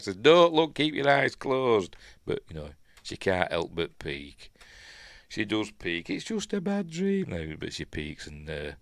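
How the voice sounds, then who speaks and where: A man's voice: sits low, no room sound, studio quality. A middle-aged man with a Yorkshire accent hosts a casual film commentary, rambling with many fillers and chuckling as he goes. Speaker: host.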